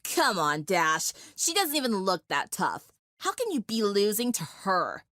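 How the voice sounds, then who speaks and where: A woman voicing a cocky teenage girl gang leader with a slow, taunting drawl. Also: medium pitch, wildly swooping pitch, fairly bright tone, no room sound, clean studio sound. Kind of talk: dramatic fan fiction reading.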